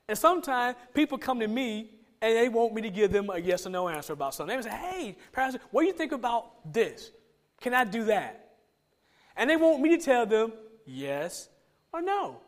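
A man, a pastor, giving a conversational sermon, asking many rhetorical questions and joking with the congregation. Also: very high voice.

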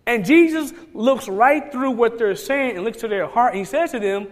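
A man's voice: very high voice, fairly quick, hardly any pauses. A man preaching a sermon, retelling scripture and acting out the crowd's lines. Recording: long reverb of a large hall.

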